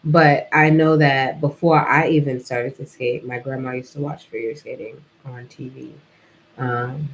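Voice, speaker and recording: A woman's voice: extremely low pitch, rough recording. A young adult woman talking in a casual, reflective vlog monologue, rambling and filling her speech with "like" and "you know". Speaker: vlogger.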